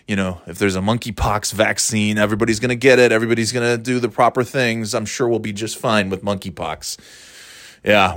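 A man's voice: on the low side, a bit bright, dry recording, studio quality. A man hosting a podcast, telling a rambling comic story with an amused tone. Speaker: podcast host. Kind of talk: casual comic monologue.

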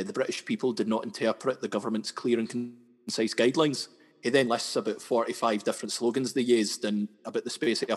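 Scottish man with reverby, chatty talk. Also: mid-range voice. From Scotland, West Coast. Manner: chatty, repeats words and restarts often. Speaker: sketch comedian, guest. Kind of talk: casual interview chat. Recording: long hall reverb.

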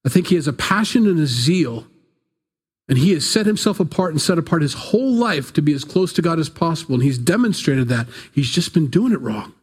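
A man's voice: fairly high pitch, sing-song, fairly quick, darkish tone, breathy edge. A man preaching a sermon in a casual, conversational way, telling the story with playful asides. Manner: casual storytelling, acts out biblical characters in playful voices. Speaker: pastor.

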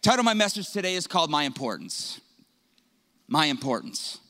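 A young pastor preaches to his congregation in a high, bright voice. He tells stories with a humorous, conversational touch and throws in quick asides. His delivery is lively and engaging. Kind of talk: sermon.

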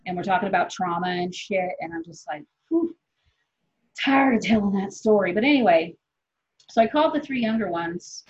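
A woman in her forties talks loosely and candidly, drifting from thought to thought and swearing without a second thought. Her voice is a little husky. The recording sounds dull and lo-fi. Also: medium pitch, lively intonation. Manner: rambling, candid, swears freely, quick laughs. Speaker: comedian guest. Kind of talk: casual podcast chat.

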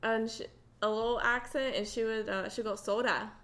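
A woman's voice: fairly high pitch, steady tone, normal speed, a bit bright. A woman co-hosting a comedy podcast, chatting casually, blunt and teasing, often laughing. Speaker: podcast co-host.

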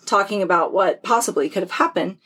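A middle-aged woman with a slightly husky, breathy voice talks frankly on a casual chat show. Her stories come out candid and sarcastic, with the odd swear word. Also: mid-range voice, brisk, a bit bright, rough recording. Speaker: podcast co-host.

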